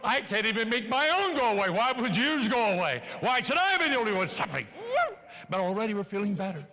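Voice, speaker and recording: An older man giving a live motivational speech to an audience in a large hall, animated and playful as he urges the crowd along. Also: high-pitched, fast talker. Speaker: motivational speaker. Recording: long reverb in a hall.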